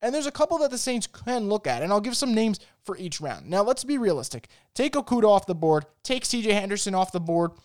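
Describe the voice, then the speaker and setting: A man's voice: high voice, very animated, a little fast, few pauses. Emphatic man breaking down football. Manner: emphatic, rhetorical questions to listeners. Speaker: sports podcast host. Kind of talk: solo sports analysis talk.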